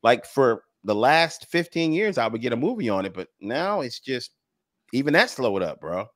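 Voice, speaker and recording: A man's voice: mid-range voice, very animated, moderate pace, a bit bright, no echo, studio quality. A man co-hosting a comedy radio show in loose, slangy banter, laughing often. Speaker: radio co-host.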